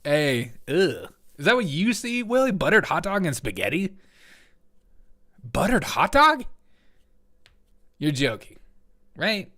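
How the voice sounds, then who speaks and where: A man's voice: a little high, sing-song, a bit bright. Jokey sarcastic male show host. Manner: jokey, sarcastic, quick asides. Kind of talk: casual comedic commentary reading chat.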